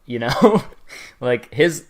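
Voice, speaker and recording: A young man in casual comedic roast commentary, rambling and swearing, breaking into laughs and sudden high silly voices. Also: animated, slow pace. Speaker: commentary host.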